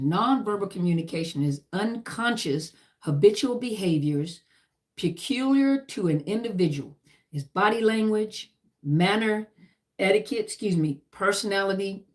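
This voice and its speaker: A middle-aged woman who served in the army, teaching about trauma in an emphatic, repetitive lecture style full of lists and "you know". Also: mid-range voice.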